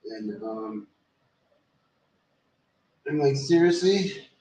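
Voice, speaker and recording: A man's voice: mid-range voice, expressive, normal speed, slight background noise. A man telling a loose, rambling story in casual chat, swearing freely and trailing off in fillers. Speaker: vlogger. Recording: roomy echo, distant from the mic.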